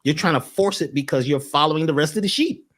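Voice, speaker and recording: A man speaking as a guest in an animated spiritual talk, telling stories and acting out the people he quotes. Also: on the high side, fast talker.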